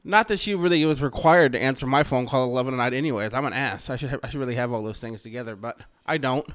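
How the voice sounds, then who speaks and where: Bright, crisp-voiced man telling a story. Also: medium pitch, fast. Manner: rambling, profane, self-mocking, gets loud and excited. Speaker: vlogger telling a personal story. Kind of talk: casual storytelling.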